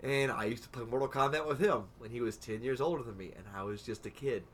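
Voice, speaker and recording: A man's voice: medium pitch, quick pace. A young man in casual chat with friends, stammering through restarts and swearing freely as he gets worked up.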